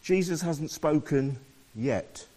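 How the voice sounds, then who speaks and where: A man's voice: on the high side, expressive, slow pace, dark tone. A man preaching a sermon, reading scripture aloud and explaining it to his listeners.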